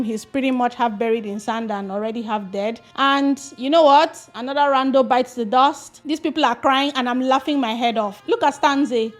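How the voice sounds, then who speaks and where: High-pitched woman ranting thru a movie review, sarcastic, swears a lot, laughs at it. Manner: sarcastic and profane, laughing at the film; animated, swings between loud outbursts and muttered asides. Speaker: film reviewer. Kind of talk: casual spoken film review.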